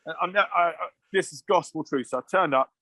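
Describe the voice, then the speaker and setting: A man's voice: fairly high pitch, fast talker, pushed and bright, no echo. A man in his thirties, a former rugby player, telling self-deprecating stories as a podcast guest over a video call, with frequent laughs. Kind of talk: casual anecdote on a podcast.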